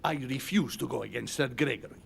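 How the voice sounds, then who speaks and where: A man's voice: mid-range voice, a little fast, gravelly, a little hiss or hum. An actor playing a formal, principled male delegate in a video game, speaking firmly and formally. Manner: formal, firm. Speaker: game character.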